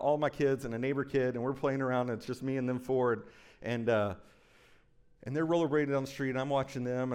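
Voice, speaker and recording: A man in his thirties preaching a sermon as pastor, moving between slow, soft emphasis and quick, chatty storytelling with frequent asides to the congregation. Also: on the high side. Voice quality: conversational with frequent "right?" asides.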